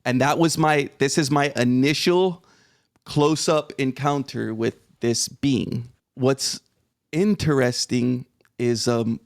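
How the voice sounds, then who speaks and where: In a creaky, mid-range voice, a roughly forty-year-old podcast guest recounts something that happened to him. He tells it conversationally and with energy, performing his own reactions and letting the occasional swear word slip.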